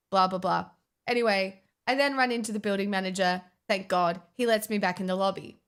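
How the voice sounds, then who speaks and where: A woman's voice: medium pitch, smooth. A young woman, chatting casually as a vlogger, swearing often and restarting her sentences. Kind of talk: casual storytime chat.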